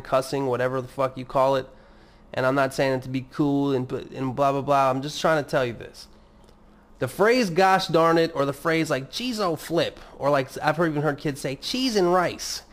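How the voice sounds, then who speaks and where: A male podcast host talking on his own in a loose, unscripted way. He rambles from one thought to the next, swears freely and pokes fun at himself. His voice sits at an ordinary middle pitch for a man. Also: fairly even intonation, moderate pace. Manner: rambling, profane, self-mocking. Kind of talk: casual solo podcast monologue.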